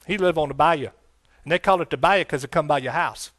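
A male preacher with a somewhat high voice delivers a sermon to his church in a homespun, conversational way. He slips into stronger, emphatic stretches and leans on call-and-response asides. The sound is close and dry, with little room around it. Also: fairly quick, a bit bright, no room sound. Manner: folksy, rising to emphatic preaching with scripture quotes. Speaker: pastor. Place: church sanctuary.

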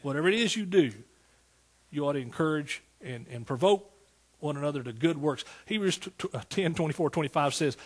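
Husky-voiced preacher in his sixties. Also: on the high side, animated, a little fast. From East Texas. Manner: folksy, storytelling, rising to emphatic praise. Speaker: pastor. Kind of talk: sermon.

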